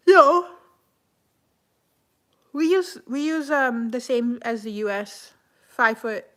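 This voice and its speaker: A woman talks off the cuff on a live stream, answering viewer comments one after another. Her voice sits a little high, and her speech is loose and chatty, full of "like" and quick restarts. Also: fairly bright tone. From Canada. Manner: chatty, heavy use of "like", quick self-corrections. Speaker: livestreamer reading comments. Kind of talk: casual live-stream chat.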